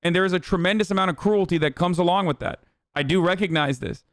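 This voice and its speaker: A man's voice: sits high, fast, dry recording. A man in his thirties streaming casual, profane political commentary, ranting heatedly and sarcastically at a desk microphone. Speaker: streamer reacting to news.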